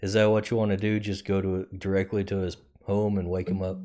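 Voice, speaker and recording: A man running a tabletop role-playing session as game master. His voice is very deep and mellow. He speaks in a relaxed, teasing way. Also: a little fast.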